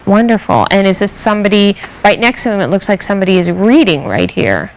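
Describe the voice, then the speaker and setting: A woman's voice: mid-range voice, animated, fairly quick, creaky, rough recording. A woman hosting a museum education program, upbeat and affirming, asking a guest questions. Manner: upbeat, affirming with frequent mm-hmms.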